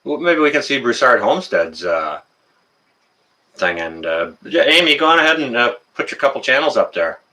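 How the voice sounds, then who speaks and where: A man's voice: medium pitch, big pitch swings, normal speed, sharp tone. A Canadian man hosting a casual livestream, greeting viewers in the chat by name and chatting with plenty of fillers. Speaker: livestream host.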